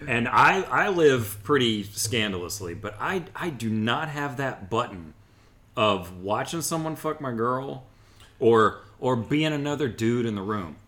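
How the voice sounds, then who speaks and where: A man hosts a podcast and talks frankly, steering the chat along. His voice has a bright, forward tone at a middle pitch. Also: expressive, a little slow. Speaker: podcast host.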